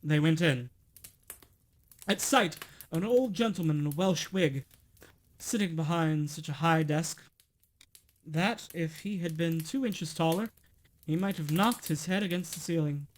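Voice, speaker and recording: Male reader, slightly high voice; expressive storybook narration with small self-corrections. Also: measured pace, long pauses. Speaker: streamer reading aloud. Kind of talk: storybook reading aloud.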